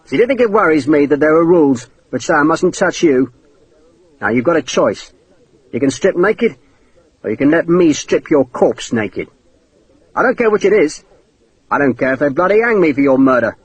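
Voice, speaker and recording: A man's voice: on the high side, animated, normal speed, pauses often, slightly rough, rough recording. A man voicing a tough soldier who speaks bluntly and threateningly. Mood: menacing. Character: hard, menacing male soldier hero.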